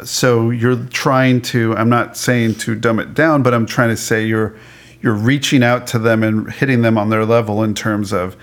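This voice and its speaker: A man chatting casually as a podcast co-host, animated, laughing often and restarting his sentences. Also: medium pitch, moderate pace. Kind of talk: casual chat about a cartoon.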